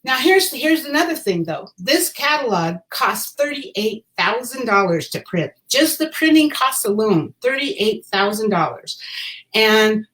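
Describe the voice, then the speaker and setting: A woman's voice: on the high side, animated, unhurried, a bit bright, rough recording. A woman vlogger telling a personal story to camera in a casual, rambling way, repeating phrases for emphasis and chuckling at herself.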